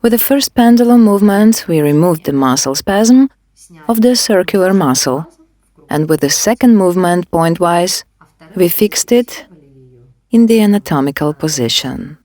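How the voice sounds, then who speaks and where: A woman demonstrating a facial care technique, giving calm step-by-step instructions. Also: lowish voice, moderate pace, no echo. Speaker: beauty device instructor.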